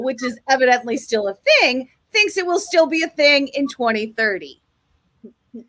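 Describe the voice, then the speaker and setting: A woman hosting an online comedy show, reading joke headlines in a brisk, joking way over a video call. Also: sits high, bright, forceful tone. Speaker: host. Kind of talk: reading comic news headlines.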